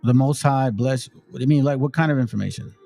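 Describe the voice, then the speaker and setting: A man's voice: medium pitch, quick pace, creaky, mellow, soft background music. A man hosting a channel, giving blunt, preachy commentary on video clips, swearing freely and reading scripture aloud in a stately cadence.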